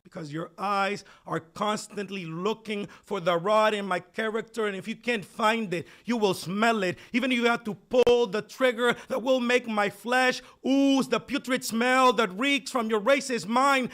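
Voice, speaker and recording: A man with a foreign accent performing spoken word poetry at a live open mic, measured at first and growing forceful. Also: sits high, steady tone. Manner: measured delivery building to forceful intensity. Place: live event at a community center.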